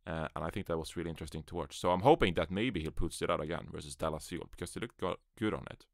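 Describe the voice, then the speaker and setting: Very fast and low-pitched with vocal fry, this man's voice is captured cleanly like a studio take, with no room sound. He rambles offhandedly through his first solo esports podcast, recorded on a USB mic in a small closet, and keeps making fun of himself.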